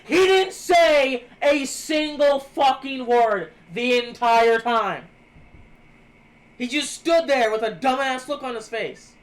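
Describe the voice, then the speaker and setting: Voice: high-pitched, takes it slowly, rough recording. A streamer co-hosting a live show, chatting casually with blunt, sarcastic remarks and offhand swearing. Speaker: streamer co-host.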